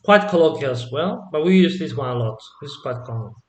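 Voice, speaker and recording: A man teaching an online Spanish lesson, explaining slowly and patiently and checking in with "yeah?" after his examples. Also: on the high side, animated, darkish tone, echoey room.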